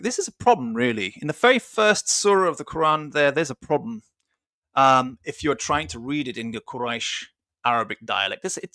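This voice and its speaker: A man's voice: mid-range voice, fairly bright tone, dry recording, clean studio sound. A man hosting a casual discussion, talking through a book thoughtfully with frequent ums and restarts. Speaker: host.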